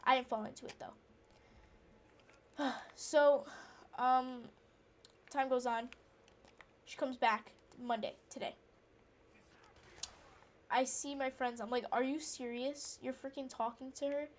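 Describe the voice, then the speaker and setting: A woman's voice: high voice, steady tone, takes it slowly, pauses often. A woman rambling through an indignant personal story while playing a game, with lots of fillers and restarts. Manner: breaks off to react to the game. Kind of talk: casual storytelling chat.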